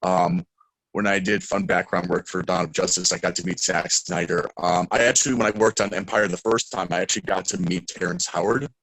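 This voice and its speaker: A young man, a guest in a casual interview, telling stories excitedly and acting out quotes loudly. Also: deep voice, brisk, no room sound, rough recording.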